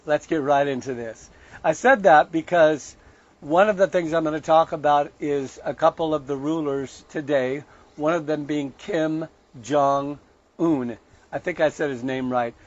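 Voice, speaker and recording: A man leads an online show in a conversational sermon style. He reads scripture aloud and breaks in with pointed, emphatic asides. His voice sits slightly high for a man, and the recording sounds a little muffled and lo-fi. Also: measured pace. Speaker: online preacher and show host.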